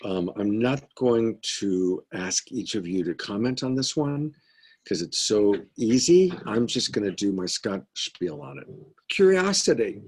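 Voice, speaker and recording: A man leading a mentorship group as a love coach, teaching in a conversational, earnest way over a video call and trailing off into quieter asides. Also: lowish voice, animated, measured pace, husky.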